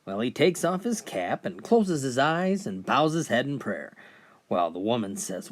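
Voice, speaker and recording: A man's voice: mid-range voice, sing-song, measured pace. A man telling jokes in a laid-back, folksy way, starting sentences with "well". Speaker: joke teller. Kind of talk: storytelling jokes.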